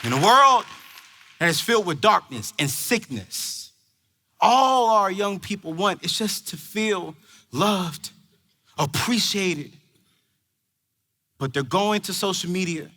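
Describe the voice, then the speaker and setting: Male motivational speaker, emphatic preacher delivery, bright high tone. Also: expressive, slow, long pauses. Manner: preachy, emphatic, shouts at peaks. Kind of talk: energetic stage talk to parents. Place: large conference hall before a crowd.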